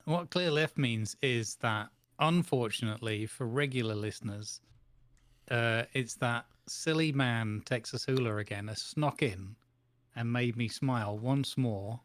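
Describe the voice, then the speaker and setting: A man's voice: mid-range voice, unhurried, no room sound. A man with a mid-range voice tells an anecdote on a podcast, dry and close to the mic. He teases in a wry, easygoing way. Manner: wry, teasing storyteller. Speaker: podcast co-host. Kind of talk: casual podcast chat.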